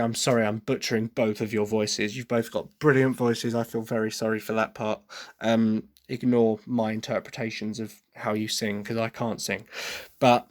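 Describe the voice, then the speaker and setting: Opinionated English man thinking aloud. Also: medium pitch. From Britain. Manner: opinionated but apologetic, thinking aloud with restarts. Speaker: podcast host. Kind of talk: casual opinion monologue on musical theatre. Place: at a desk with written notes.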